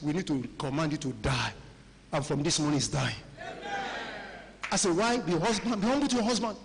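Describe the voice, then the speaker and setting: Middle-aged Nigerian-accented pastor, higher voice, conversational sermon delivery, long hall reverb. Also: male voice. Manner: conversational preaching, mixing pidgin and Yoruba phrases. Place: large church hall.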